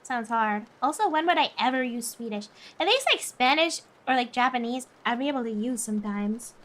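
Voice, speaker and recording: A young woman streaming late at night, chatting casually with viewers, tired but giggly and animated. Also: a little high, a little fast. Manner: giggly, animated, often laughs.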